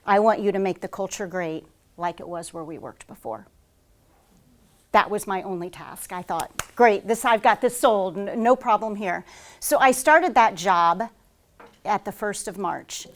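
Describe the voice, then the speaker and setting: A woman HR consultant giving a conference talk to a live audience, telling stories at a rapid clip with frequent fillers. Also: medium pitch. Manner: fast-paced, says she talks like an auctioneer; lively storytelling with frequent "um" fillers.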